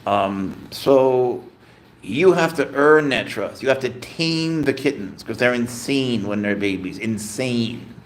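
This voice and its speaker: A man's voice: medium pitch, gravelly. A man hosting a casual livestream, chatting easygoing and rambling while he answers viewer comments. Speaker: livestream host and pet owner.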